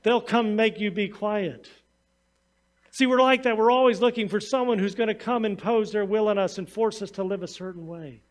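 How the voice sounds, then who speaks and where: High-voiced man preaching a sermon. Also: steady tone, fast, hardly any pauses. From United States. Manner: storytelling sermon, reads scripture then tells anecdotes. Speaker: pastor.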